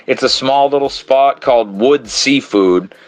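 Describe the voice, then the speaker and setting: A man's voice: mid-range voice, a little slow, no room sound. A man from New England with a New England accent, hosting a podcast in casual, rambling, profane chat. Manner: rambling, profane, laughs often. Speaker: podcast host.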